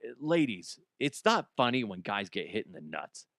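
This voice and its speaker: A man who is a radio host, telling a casual comedic story, animated, swearing and laughing as he talks. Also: fairly low pitch, normal speed, dry recording, studio quality. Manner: animated, swearing, laughs often, slips into voices.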